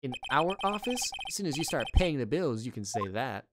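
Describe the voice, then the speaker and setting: A man's voice: medium pitch, lively intonation, fairly quick, heavy background noise, lightly acted. A man voicing a dry, exasperated young male lawyer in a video game. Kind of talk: reading game dialogue aloud. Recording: loud game music behind.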